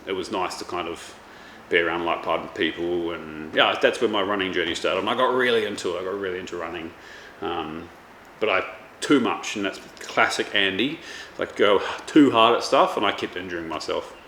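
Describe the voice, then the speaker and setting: A low-pitched man's voice, a little fast and pushed with brightness, belongs to a chef and vlogger in his thirties. He chats casually and rambles, full of fillers and restarts, in an echoey room with faint background noise.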